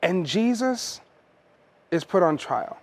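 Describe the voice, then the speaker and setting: A man's voice: high voice, sing-song, slow pace. A man preaching a sermon as pastor, earnest and conversational, often repeating words as he goes.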